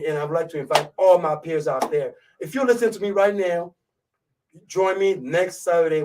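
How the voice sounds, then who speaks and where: A man from Côte d'Ivoire with a thick French accent hosts a live radio show in a laid-back way, talking casually and repeatedly checking in with listeners with "you know what I'm saying." His voice is on the high side and a bit mellow, and he sounds far from the mic in a rough recording.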